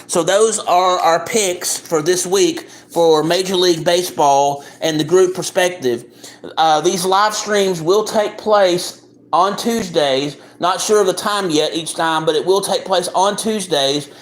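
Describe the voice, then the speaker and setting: A man talks casually as the host of a livestream, in a voice pitched a little high. He reads through a list at an easy pace, often filling gaps with ums and repeating himself. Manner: plain, unhurried, with frequent ums and repeats. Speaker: livestream host making baseball picks.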